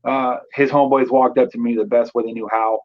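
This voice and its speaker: A man's voice: mid-range voice, level tone, fairly quick, muffled recording. A man in his thirties from Northern California, a guest telling his life story in loose casual talk with many fillers. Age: 30s.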